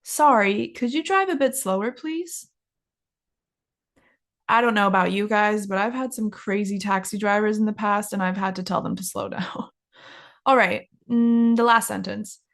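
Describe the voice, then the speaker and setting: A young woman teaching an English lesson, who says each travel phrase slowly and clearly for learners to repeat, in a casual, encouraging way. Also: medium pitch, steady tone, fairly bright tone. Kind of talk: English lesson with shadowing drills.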